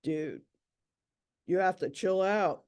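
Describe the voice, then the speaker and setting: A woman's voice: fairly low pitch, slow, a little mellow, smooth, muffled recording. A young woman on park education staff, giving a bubbly, chatty virtual nature presentation over a computer microphone. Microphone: computer mic on a video call.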